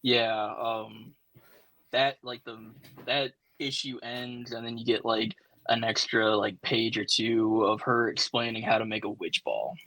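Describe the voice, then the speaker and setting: Relaxed man comparing film to comics. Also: lowish voice, unhurried, dry recording, low-quality recording. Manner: relaxed, hesitant with fillers, comic-book knowledgeable. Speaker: podcast co-host. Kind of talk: casual movie review chat.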